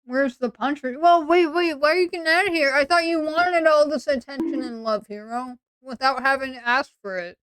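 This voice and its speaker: A woman chatting on a live stream, rambling, joking and mocking herself, with sudden loud whiny bursts, on a close desk microphone. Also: high voice, normal speed, hardly any pauses, dry recording. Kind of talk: casual live-stream chat.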